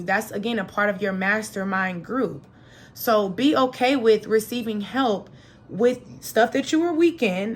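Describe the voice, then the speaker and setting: A young adult woman hosting a solo motivational podcast in a chatty, animated manner. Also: on the high side. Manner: lively, chatty, animated, acts out quoted voices. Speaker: podcast host.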